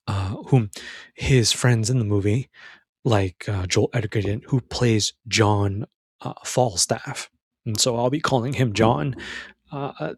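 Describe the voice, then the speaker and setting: A man's voice: mid-range voice, vocal fry, no echo, clean studio sound. A young adult man hosting a casual film talk for men, rambling and calling the listener brother. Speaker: men's self-help film commentator. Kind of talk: casual monologue about a film.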